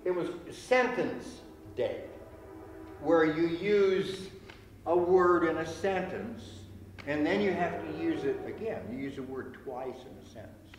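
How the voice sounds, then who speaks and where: A man's voice: fairly high pitch, a little slow, slight background noise. A man telling jokes to friends, in a loose, chatty storytelling manner. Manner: loose storytelling, laughs at his own punchlines. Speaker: comedian. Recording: echoey room with long reverb, faint ambience.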